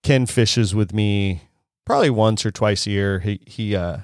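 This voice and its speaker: A man's voice: lowish voice, measured pace, no room sound, studio quality. Laid-back fishing guide man, swearing. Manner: animated storyteller, swears, laughs often. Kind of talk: casual chat.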